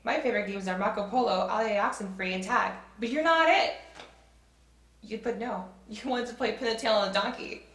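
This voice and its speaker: A woman's voice: medium pitch, fairly quick, fairly bright tone, echoey room, far from the mic. A woman in her twenties performing a comic audition monologue, theatrical and swinging between sweet and snide. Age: 20s. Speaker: actor in an audition sketch.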